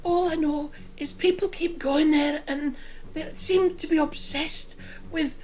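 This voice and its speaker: A woman's voice: high-pitched, fairly even intonation, a little slow, darkish tone, a little hiss or hum, rough recording. A woman voicing a distraught Scottish village mother who pleads for help and drops to fearful whispers. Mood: fearful whispering. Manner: frantic, tearful, dropping to fearful whispers.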